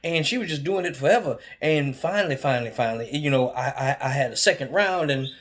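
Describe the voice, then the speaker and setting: A man telling a story in a casual monologue, stammering often and acting out quotes with sudden high outbursts. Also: quick pace. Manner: frequent stammered repeats. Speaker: vlogger.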